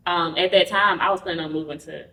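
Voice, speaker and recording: A woman's voice: lowish voice, fast talker. Woman telling her story in a roomy space. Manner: animated, acts out quoted dialogue; candid, conversational. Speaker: podcast guest. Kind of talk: personal storytelling in an interview. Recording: roomy, mic at a distance.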